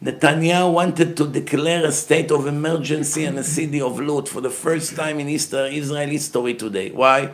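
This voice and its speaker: A man's voice: on the high side, steady tone, normal speed, hardly any pauses, slight background noise. A man giving a heated religious lecture as a rabbi, emphatic and blunt, asking questions and answering them himself. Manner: emphatic, grows loud and forceful when making a point.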